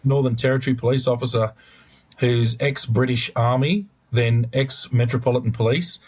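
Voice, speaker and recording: A man's voice: medium pitch, steady tone, moderate pace, darkish tone, breathy edge. A man co-hosting an interview podcast, chatting in a rambling, enthusiastic way with lots of restarts. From Australia. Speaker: podcast co-host. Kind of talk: casual interview chat.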